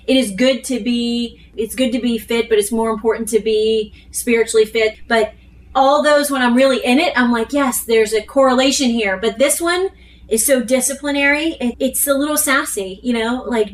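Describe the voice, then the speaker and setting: A woman leading a casual group Bible study, talking earnestly and quoting scripture with animated emphasis. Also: fairly high pitch, normal speed. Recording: distant mic with faint room noise.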